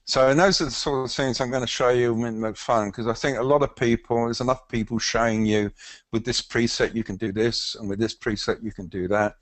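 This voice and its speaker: An older man with a London accent, a professional photographer giving a casual, halting webinar demonstration with frequent fillers. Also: medium pitch, steady tone, dry recording.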